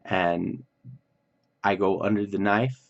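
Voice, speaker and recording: A man casually telling a personal story for his vlog, animated and swearing freely, acting out what others said. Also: on the low side, slow, creaky, dull audio.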